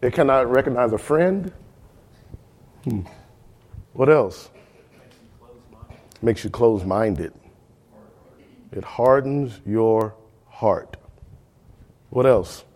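A man teaching Bible study speaks very slowly, pausing often, with a darkish tone, an ordinary middle pitch, and lively intonation. He keeps questioning the group to make sure they're following and hammers home key words by repeating them.

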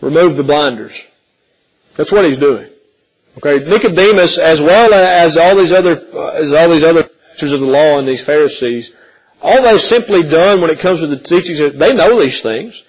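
A man's voice: a little high, animated, normal speed, slightly rough, poor audio. A man teaching a Bible study, reading scripture and asking his listeners questions, often checking with "okay?".

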